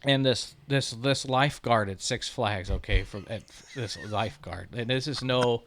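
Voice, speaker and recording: A man in his thirties hosts a casual podcast chat. He tells a story full of profanity and breaks into laughter, with a voice of middling pitch. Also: moderate pace, noisy background. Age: 30s. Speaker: podcast host.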